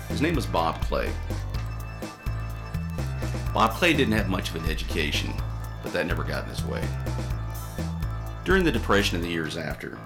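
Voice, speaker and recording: A male radio host making dry, wry remarks in chat, then reading a short tribute. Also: low voice. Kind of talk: casual chat and scripted tribute. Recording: music playing under the voice.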